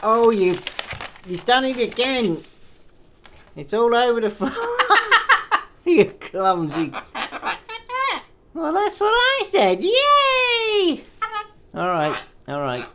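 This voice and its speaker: A man's voice: extremely high pitch, huge pitch swings, takes it slowly, pauses often, bright, forceful tone, a little hiss or hum. A man chatting to his pet bird in a vlog, with playful baby talk and cheering. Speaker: pet owner and channel host.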